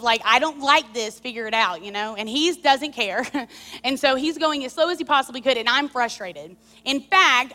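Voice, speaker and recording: Woman preacher, sermon, confessional storytelling, bright tone, reverberant church hall. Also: high-pitched. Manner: candid, animated storytelling with confessional tone.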